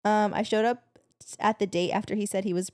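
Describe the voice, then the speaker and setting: A young woman co-hosting a podcast in casual chat, blunt and quick to laugh. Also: medium pitch, steady tone, darkish tone, clean tone, dry recording, clean studio sound. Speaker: podcast co-host.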